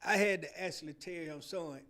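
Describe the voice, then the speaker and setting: A man's voice: high voice, moderate pace. A middle-aged man hosting a podcast, telling stories in casual slang and laughing often. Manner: Southern slang, animated and loud. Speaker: podcast host. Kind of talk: casual storytelling chat.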